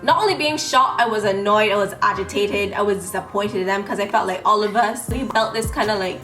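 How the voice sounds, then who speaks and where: A woman in her twenties telling a story casually in an animated, chatty vlog, doing makeup as she talks. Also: mid-range voice, a little fast. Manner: applying makeup while talking. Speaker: beauty vlogger. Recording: roomy room with background music.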